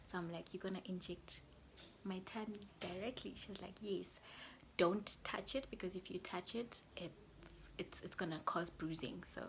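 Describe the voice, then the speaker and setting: A young woman with a lowish voice tells her story straight to her viewers in a loose, chatty way. She often sinks into a soft whisper mid-sentence. A faint hiss sits under the recording. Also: creaky. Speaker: vlogger. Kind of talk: casual storytelling to camera.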